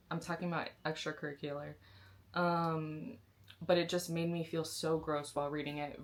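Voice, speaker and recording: A young woman chatting in a casual reading vlog with a slightly low voice. She gushes excitedly, piling up slang and restarting her sentences as she talks from a bedroom. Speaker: book vlogger. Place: sister's bedroom, indoors.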